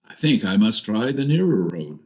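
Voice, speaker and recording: A man's voice: fairly low pitch, sing-song, normal speed, darkish tone. A man voicing a polite young foreign motorcyclist who speaks in a harsh accent and a formal, courteous way.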